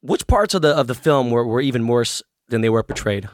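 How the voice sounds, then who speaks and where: Quick-talking slangy male interviewer. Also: mid-range voice, expressive, no echo, studio quality. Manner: quick, slangy, curious questioner. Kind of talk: casual interview chat.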